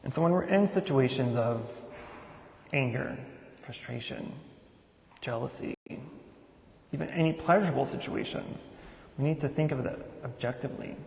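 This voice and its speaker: A man's voice: mid-range voice, normal speed, creaky, pauses often, darkish tone. A man giving an informal Buddhist sermon, talking conversationally and asking many rhetorical questions. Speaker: Buddhist teacher giving a Dharma talk. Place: temple hall. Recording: echoey temple hall with long reverb.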